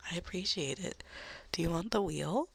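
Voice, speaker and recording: A woman with a Southern US accent, whispering and giggling softly while chatting on a live ASMR stream. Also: on the low side, moderate pace, vocal fry, slight background noise.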